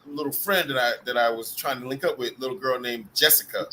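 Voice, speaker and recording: A man's voice: medium pitch, a little fast, bright, forceful tone, a little hiss or hum, low-quality recording. A man hosting a live group video call, telling rambling, profane stories with bursts of laughter. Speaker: host of a live group chat. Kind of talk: casual storytelling chat.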